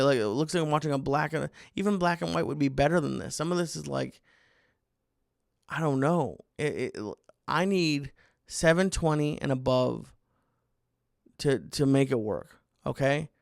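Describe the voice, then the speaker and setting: Gravelly, rambling comedian. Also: male voice, fairly high pitch, normal speed, no echo, studio quality. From United States. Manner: rambling and self-interrupting, mock-exasperated. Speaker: comedian podcast host. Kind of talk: comic monologue.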